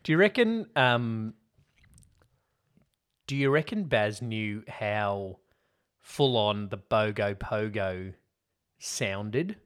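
A man hosting a casual film podcast, chatty and quick to laugh. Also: on the low side, lively intonation, a bit bright. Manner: chatty, laughs often, storytelling. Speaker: podcast host.

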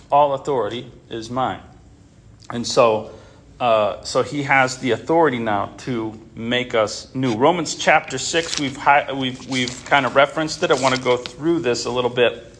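A male Bible class teacher talking in an informal way to his class. His speech is halting, full of restarts and repeated words. His voice sits at a middling pitch for a man. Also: a bit bright, slight background noise.

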